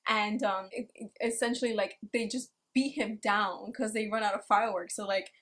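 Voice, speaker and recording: Here a female anime reviewer, medium in pitch and normal in speed, runs through an episode in a relaxed way. She doesn't hold back on profanity and voices the characters' dialogue as part of her lively recap.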